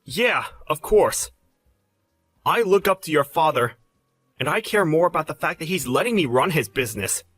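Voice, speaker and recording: A man's voice: on the high side, lively intonation, moderate pace, a bit bright, no room sound, soft background music. A man voicing a mild, apologetic young husband.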